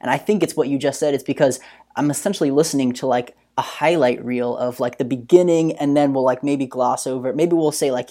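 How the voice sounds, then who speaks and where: A man's voice: medium pitch, fairly quick, mellow. A man hosting a podcast, reflective and plain-spoken, thanking his guest and reading out where to find everyone online. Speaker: podcast host. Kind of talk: casual podcast chat.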